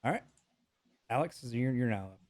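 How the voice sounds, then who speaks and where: A young man running a tabletop game as game master, relaxed and hesitant, with many fillers. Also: medium pitch, a little fast.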